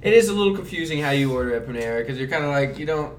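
A man's voice: on the high side, lively intonation, racing, distant mic, slight background noise. A young man chatting casually with friends on a podcast, rambling in a laid-back way and laughing often. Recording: echoey room, off-mic.

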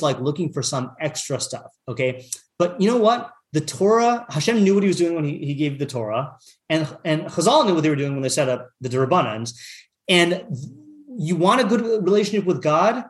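A man leading a casual text study class, reading passages aloud, translating them and riffing with lots of fillers and restarts. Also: a little high. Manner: chatty, full of fillers, reads Hebrew text then translates. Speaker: Torah teacher.

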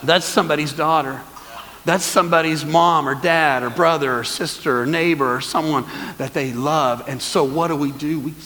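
A man preaching a sermon as pastor, lively and calling on the congregation to answer back. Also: a little high, normal speed, in a large hall, rough recording. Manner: lively, calls for congregation responses. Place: church hall.

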